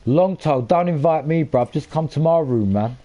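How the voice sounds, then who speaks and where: Swearing gamer streaming a race. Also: male voice, a little high, lively intonation, moderate pace, dark tone, soft background music. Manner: swears a lot, talks to his viewers, flares up in frustration. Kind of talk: casual gameplay commentary.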